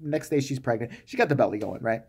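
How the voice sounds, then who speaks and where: A man vlogging a profane, sarcastic comic rant about a movie, swinging between mumbles and loud bursts. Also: mid-range voice, animated, fast, husky.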